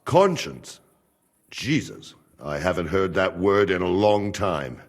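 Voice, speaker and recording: An actor playing a burly male royal jailer in a video game cutscene, speaking slow, measured, broken English. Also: low-pitched, very animated, heavily acted. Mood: musing.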